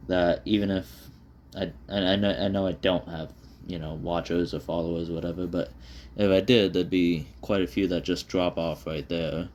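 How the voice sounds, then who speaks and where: Deep-voiced guy rambling to his phone while drawing, lots of ums and cussing, faint hiss behind. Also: a little mellow. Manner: self-deprecating, rambling, frequent fillers and swearing. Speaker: vlogger drawing on camera. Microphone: phone propped up on the desk.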